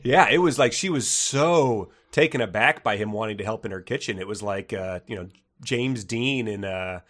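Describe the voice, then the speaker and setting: A man's voice: lowish voice, moderate pace, a bit bright. Guy cohosting a book roast podcast, laughs a lot, reads bits out all dramatic. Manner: laughs often, reads passages aloud with mock drama. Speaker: podcast co-host. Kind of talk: casual comedic book discussion.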